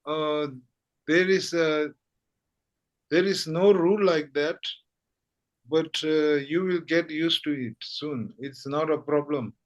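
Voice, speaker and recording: A man's voice: fairly high pitch, takes it slowly, long pauses, lo-fi sound. A man teaching a language lesson patiently, checking understanding with frequent questions. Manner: patient, repeats "okay?" often.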